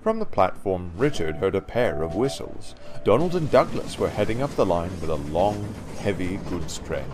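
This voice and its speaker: A man narrating a storybook in an expressive storytelling manner. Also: sits low, moderate pace, few pauses.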